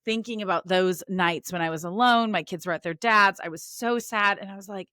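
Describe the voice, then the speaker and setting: A woman's voice: mid-range voice, fairly quick, sharp tone, no echo, clean studio sound. A middle-aged woman speaking candidly and emotionally as a guest author in a podcast interview.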